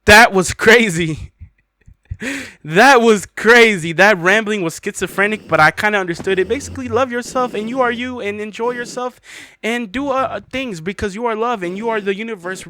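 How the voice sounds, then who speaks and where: A man's voice: high-pitched, fairly quick, pushed and bright. A young man hosting his own gameplay channel, chatting casually in slang and reacting with disbelief. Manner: incredulous, slangy, cursing. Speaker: gaming channel host.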